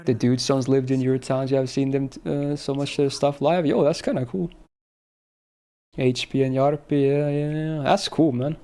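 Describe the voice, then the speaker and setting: Young man from Finland, native Finnish speaker, near-American accent, casual stream chat, laid-back, swears a lot, mid pitch. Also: steady tone, moderate pace, warm tone. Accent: near-American English, slight Finnish trace. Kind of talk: casual livestream chat with chat readers.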